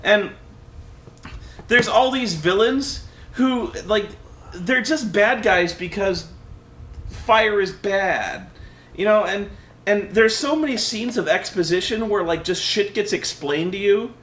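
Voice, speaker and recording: A man's voice: high-pitched, slow, a bit bright. A young man on a casual vlog, ranting about a film with lots of swearing and mocking, acting out scenes in silly voices. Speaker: vlog co-host. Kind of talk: animated casual movie rant.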